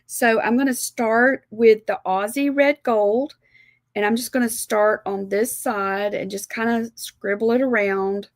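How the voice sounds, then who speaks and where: A woman's voice: fairly high pitch, steady tone, unhurried, no room sound, studio quality. A woman from South Alabama with a Southern American accent, chattily walking viewers step by step through a live watercolor demonstration. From South Alabama, USA. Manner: chatty, homey, explains step by step. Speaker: art instructor.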